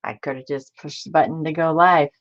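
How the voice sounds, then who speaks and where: Greeting viewers by name and laughing a lot, this woman chats her way through a crafting live stream in a deep, fairly even voice. She talks a little fast, and the recording is muffled.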